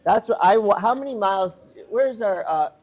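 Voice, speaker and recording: A man co-hosting a podcast live in front of an audience, teasing his partner and steering topics with quick questions. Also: high-pitched, expressive, a loud crowd. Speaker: podcast co-host. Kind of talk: casual podcast chat before a live audience.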